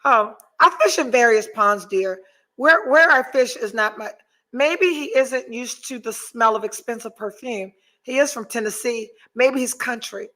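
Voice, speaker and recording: This podcast host chats loosely, swearing her way through a story while reading out comments from viewers in the live chat. She speaks unhurriedly, with a sharp tone and a voice on the high side.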